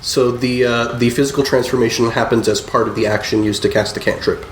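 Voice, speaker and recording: A man playing a tabletop game, calmly calling out his rolls and describing his moves. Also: mid-range voice, brisk. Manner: relaxed, matter-of-fact about rolls. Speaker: player. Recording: roomy echo.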